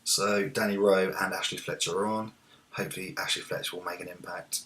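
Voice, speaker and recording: A man hosting a let's-play, commentating on a football management game and shouting at the big moments. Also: low voice, fairly even intonation, fairly quick. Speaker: gaming video host.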